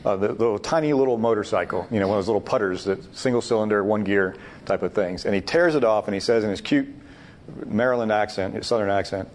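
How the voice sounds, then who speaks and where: In a quick-paced teaching discussion, a man with a fairly low voice leads Bible study, emphatic and frequently restarting as he thinks aloud.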